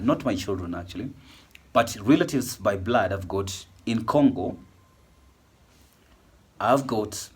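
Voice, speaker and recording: A man's voice: on the low side, husky. A man vlogging in a rambling, chatty way, his voice worn from a cold. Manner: rambling, chatty, with many fillers. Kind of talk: casual chat to camera.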